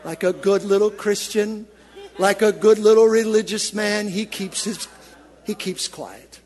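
A man preaching a sermon, sliding from hushed low storytelling to loud shouted peaks and having the congregation repeat lines after him. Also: fairly even intonation, a little slow, big-room sound. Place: church.

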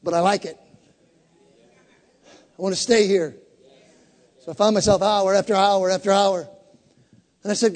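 Very high-voiced fervent male preacher. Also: flat delivery, measured pace, long pauses, a little mellow. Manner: fervent call-and-response preaching. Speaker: pastor. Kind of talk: sermon. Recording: long hall reverb.

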